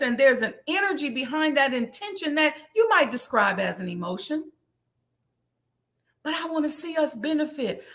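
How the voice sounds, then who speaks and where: A woman's voice: high voice, fairly bright tone. A woman hosting a business question show, talking in an impassioned, preachy monologue and repeating phrases for emphasis.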